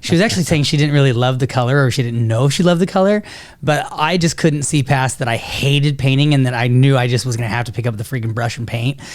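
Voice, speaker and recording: A man co-hosting a casual business talk, telling stories in a lively way, laughing often and acting out the people he quotes. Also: medium pitch, fast. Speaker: co-host of a business talk show.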